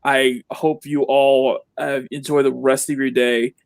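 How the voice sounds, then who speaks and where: A drawing streamer signing off a live stream in casual talk, halting with many fillers and restarts, earnest and grateful toward viewers. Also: mid-range voice, flat delivery, gravelly, dry recording.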